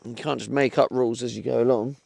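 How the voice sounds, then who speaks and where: Chatty man with a gravelly voice. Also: medium pitch, fairly even intonation, fast, darkish tone. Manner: chatty, swears, talks back to chat. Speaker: live streamer. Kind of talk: casual live-stream chat. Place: inside his van.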